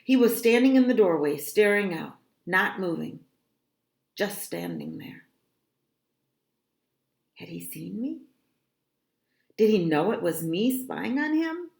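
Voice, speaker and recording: A woman reading a children's novel aloud in a dramatic, expressive storytelling manner. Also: lowish voice. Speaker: reader of a children's book. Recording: roomy echo.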